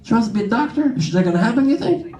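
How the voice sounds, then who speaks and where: Brash crowd-work comedian in echoey club. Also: male voice, extremely high pitch, animated, rapid-fire. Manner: brash, profane, teasing. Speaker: stand-up comedian. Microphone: handheld stage mic. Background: laughing crowd.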